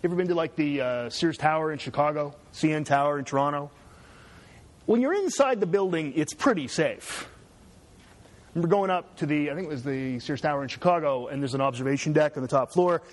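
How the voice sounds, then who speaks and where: A man's voice: on the high side, brisk. A man giving a casual classroom lecture, often checking in with his students with "right?". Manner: chatty, asks students "right?".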